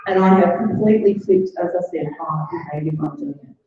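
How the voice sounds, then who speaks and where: A woman's voice: lowish voice, a little fast, very echoey, recorded from a distance, phone-quality sound, crowd noise. A middle-aged woman giving an earnest motivational talk, repeating phrases for emphasis. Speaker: guest speaker.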